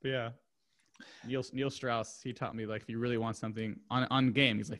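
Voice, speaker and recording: A man hosting a podcast interview, speaking softly in a relaxed, conversational way. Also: mid-range voice, a little fast. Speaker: podcast host.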